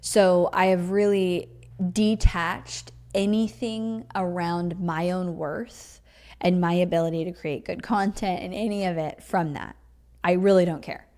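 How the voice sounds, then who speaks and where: A woman's voice: on the low side, steady tone, unhurried, a little mellow. A woman hosting her podcast, riffing off the cuff in an emphatic, chatty teaching tone full of "like" and "you know". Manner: chatty, riffs off the cuff with many likes and you-knows. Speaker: podcast host. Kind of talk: casual solo podcast talk.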